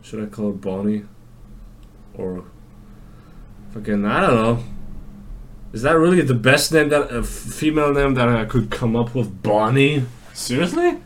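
Male podcast host, unhurried, rambling and profane. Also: medium pitch. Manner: rambling, profane, lots of fillers. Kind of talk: casual monologue.

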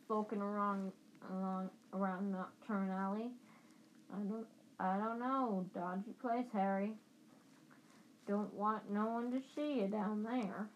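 Hagrid, a woman doing a gruff giant gamekeeper. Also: medium pitch, steady tone, takes it slowly, a little hiss or hum, close to an everyday voice, rough recording. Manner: gruff, growling. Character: huge gruff bearded male gamekeeper. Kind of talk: storybook reading.

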